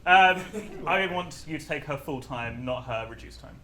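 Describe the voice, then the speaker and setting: A man's voice: on the high side, expressive, moderate pace, sharp tone. Wry man judging comedy tasks. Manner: wry, playful verdicts. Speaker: judge of a comedy task show. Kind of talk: casual comedy panel chat.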